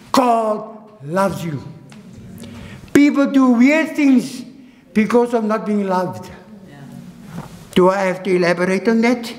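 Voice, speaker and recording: South African male preacher, high voice, urgent-to-hushed testimony delivery, long church reverb. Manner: emotional testimony, swinging between high urgent and low hushed phrases. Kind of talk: sermon. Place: church hall.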